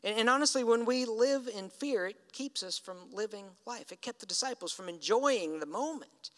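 A man's voice: very high-pitched, lively intonation, normal speed, a bit bright. A man preaching a sermon in a conversational storytelling way, acting out the lines he quotes. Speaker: pastor. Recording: reverberant hall.

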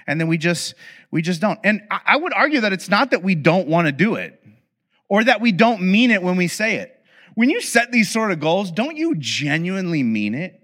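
A man speaks to an audience in a relaxed storytelling way, sliding into funny asides. His voice sits a little high and sounds bright and forward. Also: moderate pace. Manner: animated, acts out quoted dialogue; humorous, confiding asides. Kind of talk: conversational storytelling talk.

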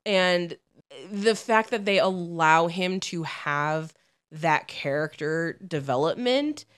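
A woman's voice: fairly low pitch, takes it slowly, fairly bright tone, smooth. A woman co-hosting a podcast in casual chat, rambling with lots of fillers and frequent laughs. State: lingering brain fog from illness. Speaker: podcast co-host.

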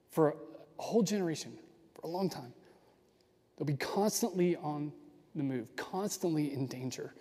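Speaking in a mellow voice of medium pitch, a male pastor delivers his sermon with eager sincerity and often starts his phrases over. The recording carries a long reverb from the hall.

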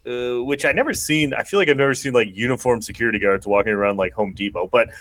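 A man hosts a laid-back podcast, walking through a movie plot in a meandering way with plenty of fillers. His voice sits at an ordinary middle pitch. The sound is dry and close, with no room around it. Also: fast talker, fairly bright tone, dry recording. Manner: rambling, filler-heavy summarizing. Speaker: podcast host. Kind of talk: casual podcast chat.

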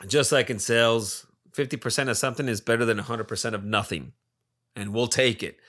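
A man's voice: mid-range voice, fairly quick, fairly bright tone. A man in his forties telling a rambling personal story in casual talk, swearing freely as he goes. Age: 40s.

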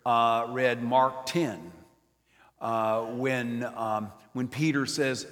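Older guy preaching a sermon, mid pitch, goes big then drops to a whisper, long churchy echo. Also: drawn-out words. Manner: expressive, swings from loud emphasis to near whisper. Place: church nave.

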